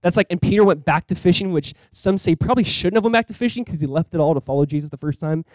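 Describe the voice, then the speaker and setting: A male pastor, a fast talker, preaches a sermon in an earnest, conversational way sprinkled with casual fillers, often dropping quiet and low on key points. The recording has no echo but is rough.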